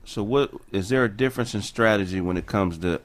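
Deep-voiced man hosting a podcast. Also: fairly quick. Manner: short affirming backchannels, asks questions. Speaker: podcast host. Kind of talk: casual podcast interview.

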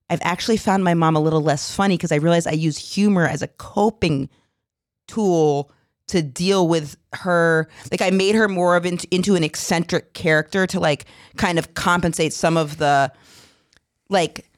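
A woman's voice: fairly low pitch, normal speed. Chatty woman podcast host telling stories. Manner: chatty storytelling with playful impressions. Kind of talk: casual podcast chat.

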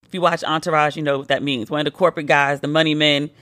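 A woman's voice: deep voice, steady tone, fast talker, fairly bright tone, no room sound, clean studio sound. A woman hosting a podcast, tipsy and telling a playful story in a casual monologue, now and then mimicking her friends. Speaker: podcast host.

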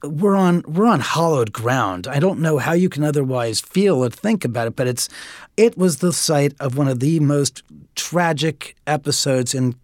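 A man's voice: fairly high pitch, moderate pace, a little mellow, no room sound, studio quality. A man in his fifties from Los Angeles, a guest telling a long story and acting out the voices in it. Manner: chatty storyteller who acts out quotes. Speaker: interview guest.

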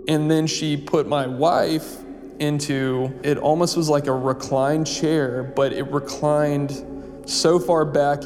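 A man tells a personal story in a casual, rambling way, full of "like," "you know," other fillers, and restarts. His voice is a little high and a little mellow, with long reverb and faint music in the recording.

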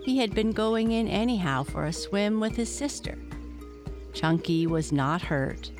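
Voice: mid-range voice, lively intonation, over music. A narrator reading a children's animal story aloud, speaking straight to the young listener. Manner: measured, addresses the listener.

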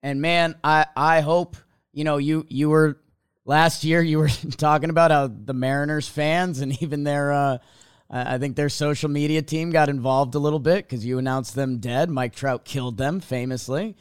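A man co-hosting a sports podcast, chatty and often laughing, with halting restarts. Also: a little high, fairly even intonation, clear, resonant tone, no room sound, studio quality. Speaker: podcast co-host. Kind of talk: casual sports talk.

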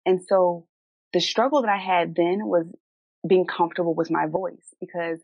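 A woman's voice: fairly low pitch, steady tone, normal speed, breathy edge, no room sound, highs cut off. A woman from the United States with a Philadelphia accent, co-hosting a live podcast and telling candid personal stories. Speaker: podcast co-host. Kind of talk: casual live conversation.

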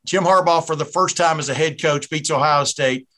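A man's voice: fairly high pitch, normal speed, bright, forceful tone. A middle-aged man with a Southern US accent hosting a podcast, chatty and rambling, often breaking off mid-thought. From American South. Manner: rambling, chatty, self-interrupting. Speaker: podcast host. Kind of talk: casual podcast interview.

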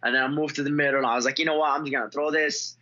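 A man's voice: fairly high pitch, racing, lo-fi sound. A young man, a fighter and guest, telling stories in a casual interview with lots of fillers and restarts. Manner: excitable storyteller, many fillers and restarts.

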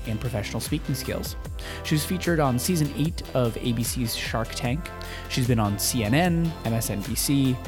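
A man hosting a podcast interview, upbeat and chatty, with frequent fillers. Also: mid-range voice. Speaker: podcast host.

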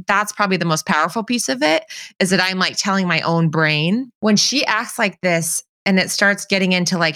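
A middle-aged woman hosting a podcast, chatting and telling a lively anecdote while acting out the voices she quotes. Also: on the low side. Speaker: podcast host. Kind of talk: casual conversation.

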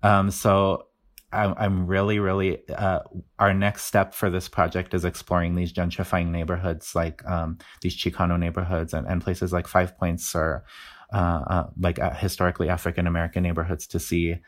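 A man's voice: low-pitched, completely flat delivery, moderate pace. A man from the Mountain West explaining his research in a casual interview, with many fillers and restarts. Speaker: linguistics researcher guest.

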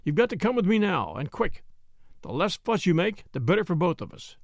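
A man doing a hard, hushed detective. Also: very animated, a little fast, gravelly, no room sound, clean studio sound, exaggerated voice. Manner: low, hushed, clipped. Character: hard, exultant male detective, coolly in command. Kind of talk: audiobook character voice.

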